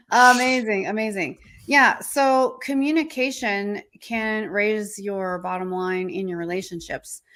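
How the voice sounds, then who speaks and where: A woman co-host coaching listeners in an energetic, encouraging voice at a middle pitch. She talks through her ideas in a relaxed, conversational way. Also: takes it slowly. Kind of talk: conversational podcast talk.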